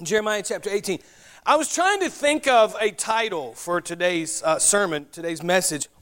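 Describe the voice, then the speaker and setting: A man's voice: sits high, animated, normal speed, bright, forceful tone. A man with a Southern US accent from North Carolina, preaching a sermon in a folksy, chatty way, with asides and spelled-out words. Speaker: pastor.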